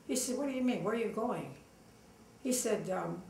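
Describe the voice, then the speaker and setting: An older woman from Los Angeles telling a lively story in an interview, acting out the dialogue and pausing on fillers. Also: mid-range voice, vocal fry, recorded from a distance. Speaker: oral history interviewee. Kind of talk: casual storytelling. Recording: echoey room, voice off-mic, faint noise.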